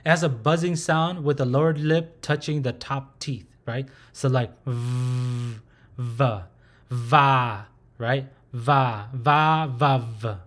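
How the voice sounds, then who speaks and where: A man teaching a recorded language lesson. He speaks patiently, sounds out syllables and repeats them aloud. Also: on the high side.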